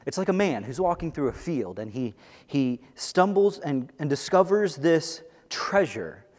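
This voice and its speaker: A man preaching as a pastor in a church, earnest and rising into excited bursts. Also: a little high, a little slow. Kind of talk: sermon. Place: church sanctuary. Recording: long echo of a large hall.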